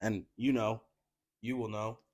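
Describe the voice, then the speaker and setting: A man telling stories in casual chat, animated, swearing and laughing as he goes. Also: lowish voice, a little slow, no echo, lo-fi sound. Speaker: podcast guest telling stories.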